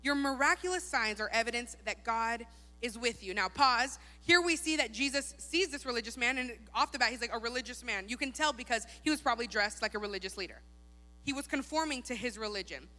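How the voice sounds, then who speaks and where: Young woman, casual sermon, high voice, reverberant church hall. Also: bright, forceful tone. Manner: casual and chatty, many "like"s. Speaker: preacher.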